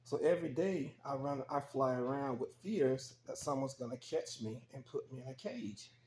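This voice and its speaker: A man's voice: medium pitch, expressive, normal speed, a little mellow, roomy sound, a little hiss or hum, natural voice. A man voicing a fearful, hunted male parrot in a spoken story, worried in tone.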